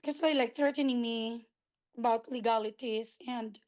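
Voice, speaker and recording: A woman from California asks worried questions on a video call, her voice high. She is losing her voice, so she sounds hoarse. She speaks as someone seeking answers. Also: fairly even intonation, moderate pace, darkish tone. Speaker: caller with a question.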